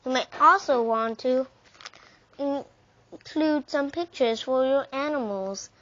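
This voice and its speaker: Brief: woman voicing a patient but firm teacher in a storybook, high voice. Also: slow pace, fairly bright tone. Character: patient female schoolteacher, firm but kind. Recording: dull lo-fi recording.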